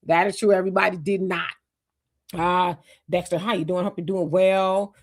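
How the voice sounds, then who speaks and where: An American woman co-hosts a live stream in casual talk, reading viewer comments aloud and greeting people by name. Her voice is on the low side with fairly even intonation, at a normal speed.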